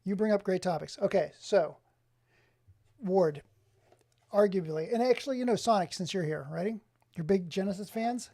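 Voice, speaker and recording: Male streamer, casual and excitable, with a soft, mellow tone, chatting with viewers. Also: high-pitched, normal speed, pauses often. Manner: excitable, exclaims often, chats with viewers by name. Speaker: streamer showing his game collection. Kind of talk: casual live-stream chat. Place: home office.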